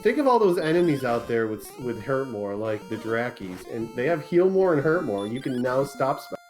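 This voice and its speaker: A laid-back man giving color commentary on a retro game race, cracking jokes between updates. He talks at a middle pitch, with faint music behind him. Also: very animated, moderate pace. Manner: joking, laid-back, chatty. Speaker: tournament co-commentator.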